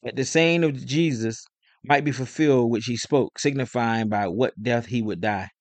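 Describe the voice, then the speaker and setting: A man voicing an angry crowd of priests, loud and insistent. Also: medium pitch, moderate pace, dry recording, lightly acted.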